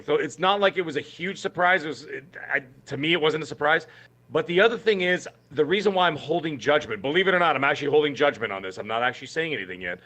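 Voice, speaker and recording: In a laid-back podcast chat, this gaming co-host's slightly high voice sounds pushed and bright. He rambles emphatically and keeps restarting his sentences.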